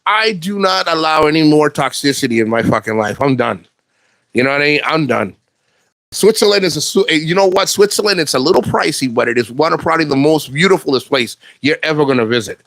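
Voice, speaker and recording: A man talks straight to the camera in a fairly high voice, blunt and full of swearing. He rambles and restarts his sentences, and the sound is dry and close. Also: animated, brisk, a bit bright, dry recording. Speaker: vlogger. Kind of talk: casual monologue to camera.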